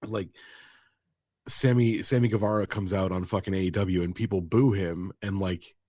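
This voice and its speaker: A man with a very deep, husky voice co-hosts a casual wrestling podcast. He talks bluntly and profanely, with dry jokes. His voice sounds close and dry. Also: fairly even intonation, moderate pace, a little mellow, dry recording. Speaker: podcast co-host.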